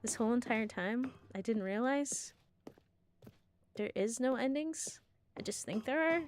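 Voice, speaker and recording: Giggly, excitable woman streamer. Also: on the high side, unhurried, slight background noise. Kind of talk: casual game stream commentary.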